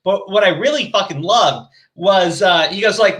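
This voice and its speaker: A man hosting a commentary podcast, chatting casually and profanely, animated and mocking as he quotes others. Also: high voice, normal speed, few pauses.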